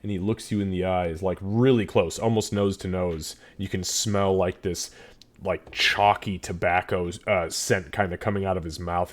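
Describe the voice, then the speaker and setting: A man's voice: low voice, steady tone, moderate pace. A man narrating a tabletop game as game master, loose and descriptive with many fillers.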